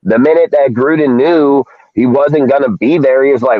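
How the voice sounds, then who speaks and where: A man's voice: medium pitch, moderate pace, dry recording. A man hosting a casual sports talk show, ranting heatedly with a lot of swearing. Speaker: podcast host. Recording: dry tinny phone-like audio.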